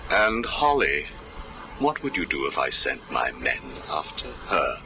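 Hugo Strange, a very deep, slow, menacing villain. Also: male voice, very animated, noisy background, exaggerated voice. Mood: menacing calm. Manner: slow, measured, coolly menacing interrogation. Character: cold calculating male villain psychiatrist, middle-aged. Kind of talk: video game cutscene acting. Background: background music.

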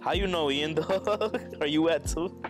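A man's voice: on the high side, unhurried. A man streaming casually while he builds a model kit, joking crudely, laughing often and chatting to viewers. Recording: music playing underneath.

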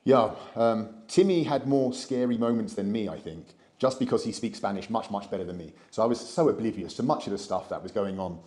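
Brief: British man, interview guest, quick, hesitant, lots of ums. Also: on the low side, dark tone. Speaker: travel vlogger interviewed. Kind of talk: conversational interview answers.

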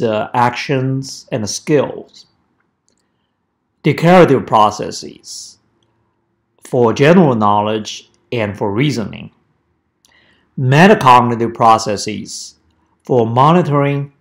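A professor giving a prepared lecture, speaking in measured, deliberate phrases. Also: male voice, medium pitch, gravelly. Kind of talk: prepared academic presentation.

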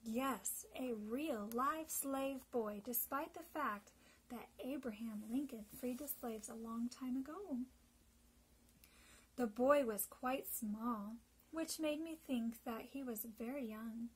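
A woman who teaches Sabbath School reads a story to children in a gentle, deliberate way with dramatic emphasis. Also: a little high, husky, poor audio.

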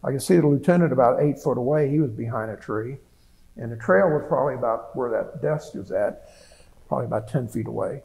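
A man's voice: mid-range voice, a little fast, creaky, darkish tone, poor audio. A man in his seventies, a veteran giving an oral history interview, telling his story plainly with frequent restarts and repeated words. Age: 70s.

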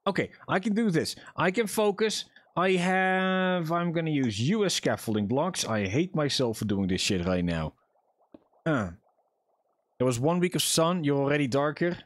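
Young male streamer, chatty and jokey, swears freely, very animated pitch. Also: moderate pace, dry recording. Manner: chatty, profane, jokey self-talk to viewers. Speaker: livestreamer. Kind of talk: casual gaming livestream chat.

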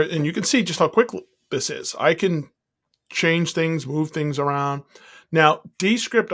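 A man hosting a tech tutorial, chatting excitedly and thinking aloud as he clicks through a software demo. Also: medium pitch. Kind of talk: casual screen-recorded software demo.

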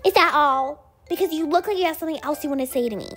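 A woman's voice: high voice, fast, a bit bright, faint music behind. A woman voicing a bratty, prickly teen girl in an ASMR role-play, snapping defensively and swearing when riled. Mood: snappy, pleading.

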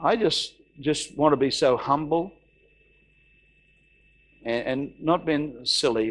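A middle-aged man preaching a sermon, telling a story and acting out the voices of the people in it. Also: mid-range voice. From Australia. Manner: animated, acts out quoted voices, repeats phrases. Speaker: pastor.

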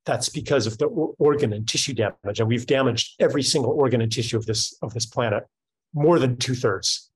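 Husky-voiced man musing in conversation. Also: medium pitch, rough recording. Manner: thoughtful, halting, many restarts and fillers. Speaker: speaker in a panel conversation. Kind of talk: reflective casual conversation.

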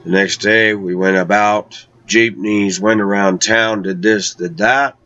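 A man telling a personal travel story in a conversational way, slowing down to draw out key words. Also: lowish voice, fairly even intonation, sharp tone. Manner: conversational, with slow, drawn-out emphasis. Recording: dull lo-fi recording.

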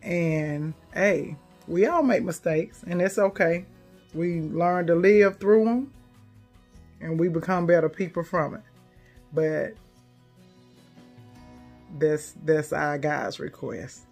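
A woman's voice: on the low side, takes it slowly, pauses often, darkish tone, soft background music. A woman hosting a casual live stream, emotional and teary, laughing through tears as she speaks.

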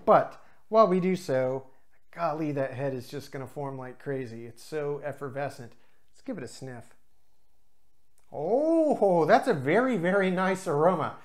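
A craft beer reviewer, speaking at a medium pitch with a slightly mellow tone, tastes beers on his own channel. He explains them loosely and chattily, often stopping for filler pauses.

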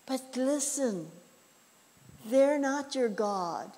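A woman's voice: sits high, expressive, drawn-out words, warm tone, long reverb tail. A woman preaching a conversational sermon, telling personal stories in a folksy way with frequent "you know" asides. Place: church.

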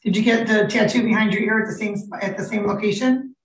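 A woman's voice: medium pitch, fairly even intonation, quick pace. A woman presiding as a judge at a court hearing, asking patient questions. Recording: echoey room from far off, noisy.

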